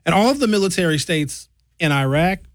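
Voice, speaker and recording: A man delivers a comedic political rant, blunt and openly sarcastic, with an incredulous edge. His voice sits a bit high for a man. The sound is dry and close, with no room in it. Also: expressive, fairly quick, no echo.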